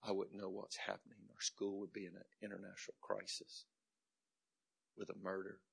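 A middle-aged man preaching a sermon as a pastor, telling a story dramatically and moving between loud and hushed delivery. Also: sits low, completely flat delivery, moderate pace, gravelly, slightly rough.

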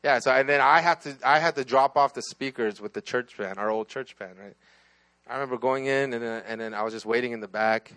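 A man's voice: medium pitch, a little fast, a bit bright. A man, a pastor, telling his own testimony in a sermon, talking casually with many restarts and "right?" asides.

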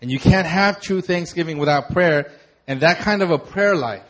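A young adult man preaching a sermon, talking conversationally, with animated storytelling and laughter. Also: fairly high pitch, moderate pace. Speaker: pastor.

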